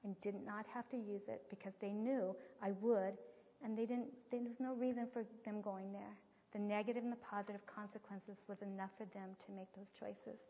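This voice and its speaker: A middle-aged woman giving an earnest teaching talk with a personal story, soft-spoken and often sinking to a near whisper. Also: medium pitch, slightly rough. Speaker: speaker on child training. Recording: dull lo-fi sound with long hall reverb.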